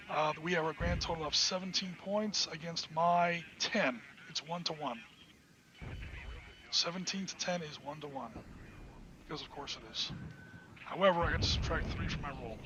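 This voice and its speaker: A man hosting a podcast, narrating his own solo tabletop wargame and cheering on his dice rolls as he plays. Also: on the high side. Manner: excitable, talks to himself while playing. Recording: dull lo-fi sound with clear background noise.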